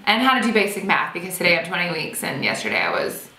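A woman's voice: lowish voice, big pitch swings, fast talker, sharp tone. Bubbly young woman vlogging in echoey room. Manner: chatty, joking, bubbly. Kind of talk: casual pregnancy vlog to camera. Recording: echoey room with faint hiss.

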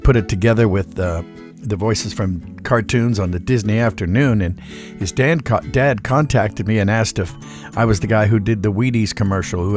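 A man in his sixties, a voice actor, talking in a relaxed, folksy way in an interview and telling anecdotes with the odd acted-out voice. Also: fairly low pitch. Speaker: voice actor guest.

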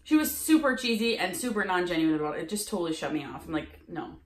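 A woman vlogging from her home office, telling a sales story in a lively way and acting out the people she quotes. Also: on the low side, fast, roomy sound, a little hiss or hum. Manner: animated, acts out quoted lines. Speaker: sales coach. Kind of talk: casual storytelling vlog.

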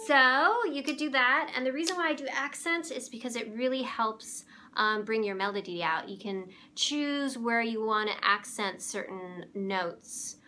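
A young woman giving a relaxed, chatty ukulele lesson, often pausing to search for words. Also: a little high, faint music behind. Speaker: ukulele teacher. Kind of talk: casual instrument tutorial. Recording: clear ukulele playing behind the voice.

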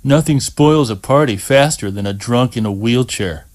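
A man's voice: medium pitch, normal speed, close to an everyday voice. A man voicing a proud young man in an audiobook reading, wry and clipped. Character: young man in a wheelchair, proud and self-deprecating.

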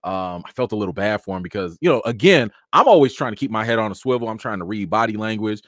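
A man casually telling stories from an awards show, chatty with many fillers, jumping into a high excited voice when acting out his encounters. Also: fast, no echo, clean studio sound. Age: adult with a child. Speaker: vlogger recounting an awards show. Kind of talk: casual storytelling chat.

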